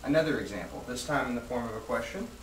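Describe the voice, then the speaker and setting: A man teaches an English grammar lesson with slow, clear delivery and repeats each example sentence so learners can follow. His voice sits at an ordinary middle pitch. It carries a roomy echo and sounds a little distant from the mic, with faint room ambience behind it. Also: animated, fairly bright tone, slight background noise.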